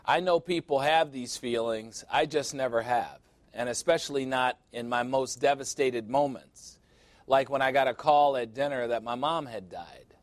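A man's voice: mid-range voice, normal speed, no room sound. A man speaking as a pastor, giving a short recorded Bible lesson in an earnest voice that addresses the viewer directly.

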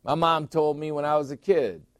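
A man's voice: on the high side, moderate pace, no room sound. A middle-aged man preaching a sermon as pastor, emphatic, repeating phrases and putting questions to his listeners.

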